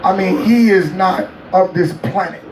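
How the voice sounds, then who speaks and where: A man telling a story in an interview, animated and laughing often as he acts out what people said. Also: sits high, a little slow, echoey room, distant mic, over a noisy crowd, rough recording. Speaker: interview guest.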